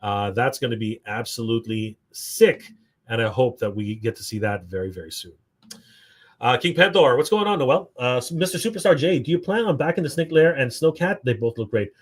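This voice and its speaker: An upbeat Canadian man hosts a live stream, reading out viewer comments with a medium-pitched voice. He talks casually, with plenty of fillers and quick reactions. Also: expressive, breathy edge. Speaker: livestream host.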